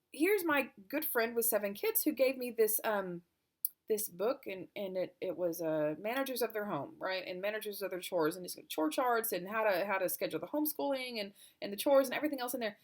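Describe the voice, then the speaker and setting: Mom vlogging about her struggles, rambly and self-critical, kinda teary, regular mid voice. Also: medium pitch. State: near tears. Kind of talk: personal confessional vlog.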